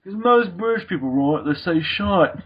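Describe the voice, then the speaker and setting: A man's voice: high-pitched, expressive, moderate pace, breathy edge. A man co-hosting a podcast, joking and swearing in casual banter. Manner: joking, swearing, laughs often. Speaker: podcast co-host. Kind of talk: casual comedic chat. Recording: dull, muffled podcast audio.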